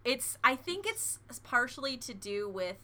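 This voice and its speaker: A woman's voice: on the high side, unhurried. A woman co-hosting a casual chat, telling stories with lots of laughter and restarts. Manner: giggly, animated storyteller; trails off and restarts mid-sentence.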